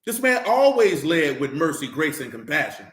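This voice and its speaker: A man's voice: fairly high pitch, sing-song, moderate pace, fairly bright tone, echoey room. A man preaching an informal Bible teaching, fiery and slangy, hammering his points with repeated rhetorical questions.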